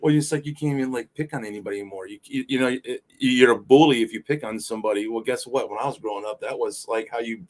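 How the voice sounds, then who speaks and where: Quick and medium-pitched, with few pauses, a man co-hosts a podcast as a fill-in. He rambles through stories in casual conversation, curses freely, and keeps leaning on "you know."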